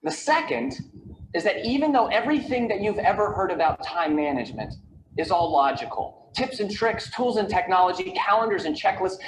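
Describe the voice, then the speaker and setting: A man giving a motivational keynote talk, telling stories and asking rhetorical questions with repeated lists. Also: sits high. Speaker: keynote speaker on time management. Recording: echoey video played over a call with background noise.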